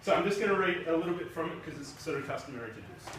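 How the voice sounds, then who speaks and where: Male novelist at a launch, chatty and self-deprecating; animated delivery, distant mic, faint ambience. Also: on the high side, rapid-fire, background noise. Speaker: debut novelist. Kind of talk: book launch speech and reading. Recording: echoey room from a distance.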